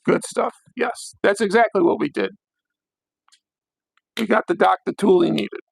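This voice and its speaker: A hoarse young man hosting a late-night livestream, ranting bluntly with plenty of swearing. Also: high voice, measured pace, no room sound, low-quality recording. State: hoarse, voice worn out. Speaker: livestream host.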